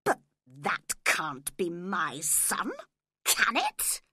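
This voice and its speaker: A woman voicing an aggressive, violent young father who threatens and shouts in a dry, close storybook reading. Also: extremely high pitch, slow, no room sound, full character voice. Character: violent drunken young father, cruel and unstable.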